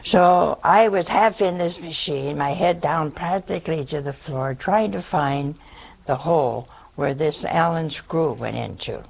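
A woman's voice: low-pitched, measured pace, gravelly, a little mellow, husky. An older woman, a nun, telling a humorous folksy story to an audience. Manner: humorous, folksy anecdote with laughs. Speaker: nun giving a talk.

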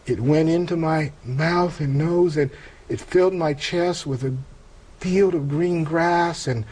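A man's voice: on the high side, darkish tone, low-quality recording. Earnest man recounting a spiritual testimony. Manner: earnest, halting, emotional retelling with hesitations. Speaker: interview guest. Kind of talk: personal testimony storytelling.

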